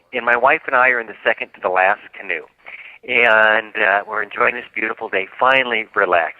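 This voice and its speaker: Over a dry, phone-like line, a man with a mid-range voice appears as a radio guest author, telling a lively story and acting out the quoted parts vividly.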